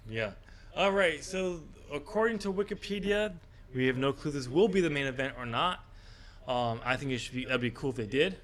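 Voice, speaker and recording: A man's voice: medium pitch, expressive, normal speed, a bit bright. A man co-hosting a casual wrestling predictions podcast, talking in a hesitant way with many fillers. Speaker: podcast co-host.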